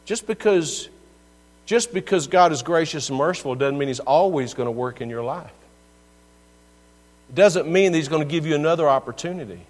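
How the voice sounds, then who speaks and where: A man delivering a sermon with a somewhat high voice, earnest and pleading, pushing hard in some moments and easing off in others. His voice carries a long reverb from the church around him, with a faint mains hum underneath. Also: animated, normal speed. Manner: earnest, pleading, rising and falling in intensity. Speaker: pastor. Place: church sanctuary.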